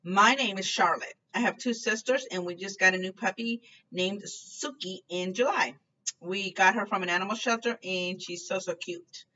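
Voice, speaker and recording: A woman's voice: mid-range voice, normal speed, sharp tone, far from the mic, dull audio, a little hiss or hum, lightly acted. A woman voicing a friendly, confident young schoolgirl who talks in a chatty, sweet way.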